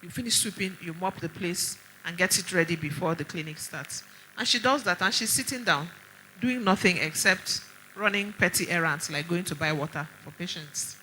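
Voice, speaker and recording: A middle-aged woman with a Nigerian accent speaks at a women's conference with a bright, forceful voice. She tells stories animatedly and presses her points with sharp rhetorical questions, a doctor addressing the room. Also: on the low side, moderate pace, a little hiss or hum, rough recording. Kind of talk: conference talk.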